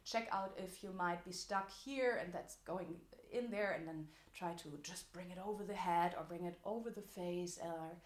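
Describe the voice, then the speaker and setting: A woman teaching a singing lesson as a vocal coach, explaining technique in an encouraging way. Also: fairly low pitch. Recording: echoey room.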